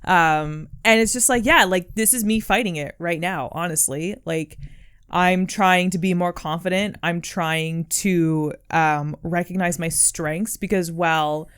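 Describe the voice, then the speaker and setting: A woman's voice: on the low side, fairly even intonation, unhurried, fairly bright tone, smooth. A young adult woman co-hosting a podcast, chatting casually in an earnest, encouraging way, full of "like" and "um". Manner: earnest, encouraging, heavy use of "like" and "um". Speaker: podcast co-host. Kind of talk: casual chat.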